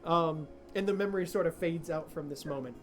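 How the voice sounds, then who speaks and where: A man's voice: on the high side, brisk, a bit bright, soft background music. A man narrating a tabletop game as game master, rambling with many fillers and breaking into laughter.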